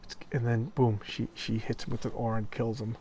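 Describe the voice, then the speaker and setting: A man hosting a comic book video casually reviews old horror comics in a mid-range, mellow voice, level in tone and at normal speed, with a little hiss or hum present. He recounts the stories enthusiastically and chattily, rambling and acting out quoted lines as he goes.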